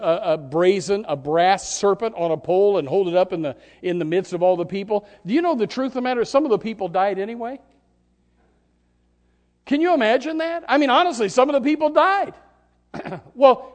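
Pastor, male, middle-aged: high voice, fiery pulpit delivery that drops to quiet pleading. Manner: impassioned, swings between shouting and soft pleading. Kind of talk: sermon.

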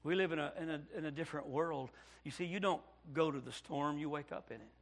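A Baptist pastor from Indiana preaching a sermon, telling a story and swinging from hushed passages to near shouting. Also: male voice, fairly high pitch, quick pace.

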